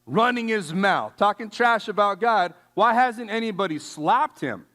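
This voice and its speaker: A man delivers a casual, slangy sermon with a somewhat high voice. He tells stories in an animated way, full of fillers and asides. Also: measured pace. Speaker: youth speaker.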